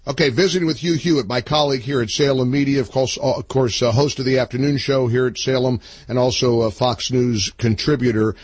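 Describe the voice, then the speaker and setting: A man's voice: medium pitch, steady tone, brisk, hardly any pauses, breathy edge, no room sound, low-quality recording. A man hosting a political talk radio show. He interviews a guest in a chatty, teasing way, often stopping and restarting his sentences.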